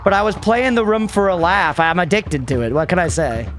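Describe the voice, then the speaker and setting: A man's voice: high voice, big pitch swings, a little fast, a bit bright, soft background music. A man in his thirties streaming a game, rambling casually, laughing often and swearing to chat. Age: 30s. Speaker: livestreamer. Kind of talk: casual gaming commentary to chat.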